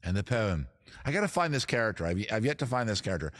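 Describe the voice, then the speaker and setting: A man's voice: mid-range voice, sing-song, very fast, a bit bright. A middle-aged man hosting a casual comedy stream, rambling and jokey, with playfully grandiose announcements. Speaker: host.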